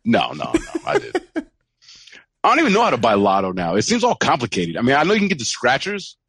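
In a casual podcast chat, the male co-host tells a lively story packed with acted-out quotes and voices. His medium-pitched voice is slightly rough and quick, and the recording is dry.

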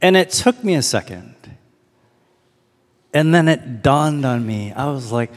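A man preaching a sermon as pastor, reflective, slowing down to read and linger on lines. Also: medium pitch, animated, long reverb tail.

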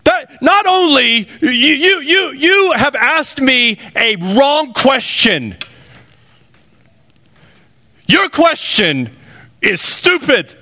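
A defensive, angry man bristles at every question, as a preacher puts him on. His voice climbs very high and sounds bright and sharp, full of exasperated indignation. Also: wildly swooping pitch, a little fast, heavily acted. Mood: indignant.

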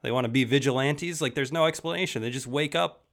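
A man hosting a podcast, chatting in a relaxed, measured way. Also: mid-range voice, vocal fry. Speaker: podcast host. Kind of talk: casual podcast chat.

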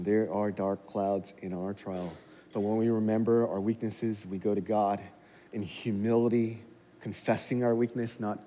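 A male pastor preaching a sermon, swinging from hushed intensity to loud, high exhortation, on a clip-on mic in a church. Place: church sanctuary. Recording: long hall reverb.

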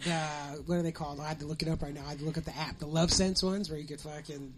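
Man host, high pitch, profane and joking, crowd noise behind. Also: fairly even intonation, quick pace. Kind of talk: casual podcast chat.

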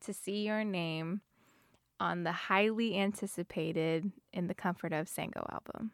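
A woman's voice: on the low side, fairly even intonation, a little slow, creaky, dry recording, studio quality. A woman hosting a casual podcast interview, asking questions and giving short, supportive replies. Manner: brief supportive backchannels.

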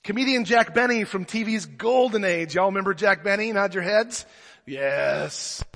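A man preaching a sermon as pastor, an animated storyteller who slips in jokes. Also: sits high, moderate pace, creaky, big-room sound. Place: church.

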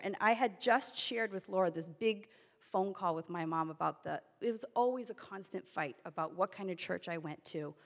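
A woman's voice: fairly low pitch, moderate pace. Woman telling a personal story in a hall. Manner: animated, acts out quoted voices.

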